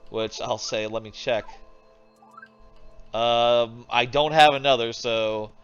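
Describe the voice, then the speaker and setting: A man's voice: mid-range voice, level tone, takes it slowly, a bit bright, clear, resonant tone, lo-fi sound, soft background music. Chatty man streaming games at his desk. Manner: rambling and chatty, thinks aloud, swears casually. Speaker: streamer playing video games. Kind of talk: casual live-stream commentary. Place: home desk. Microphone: desk microphone.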